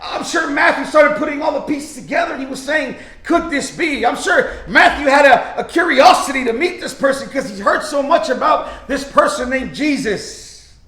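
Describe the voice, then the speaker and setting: A man's voice: very high-pitched, moderate pace, pushed and bright. A male pastor preaching a sermon with fervor, often restarting his sentences and acting out quoted lines. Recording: echoey room.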